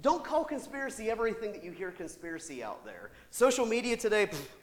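Animated preacher man in echoing hall. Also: high voice, fast talker. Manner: animated, with rhetorical asides and laughter. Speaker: pastor. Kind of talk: sermon.

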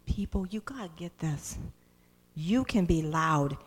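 A woman preaching a sermon in a church, reading scripture dramatically and swinging between loud cries and hushed, whispered passages. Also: fairly low pitch, lively intonation, unhurried, slightly rough.

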